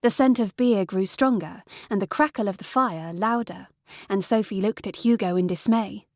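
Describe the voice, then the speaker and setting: A woman reads an audiobook in even, measured narration. Her pitch sits in the middle range, and the recording is dry and close, with no room sound. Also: no room sound. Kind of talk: scripted narration.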